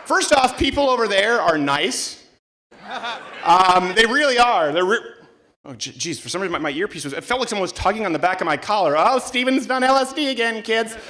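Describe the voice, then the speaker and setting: A man's voice: high voice, lively intonation, brisk, pushed and bright. A man hosting a live show, riffing to a crowd in a brash, mocking, jokey way. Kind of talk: comedic political stand-up to a crowd. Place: live event before a student audience.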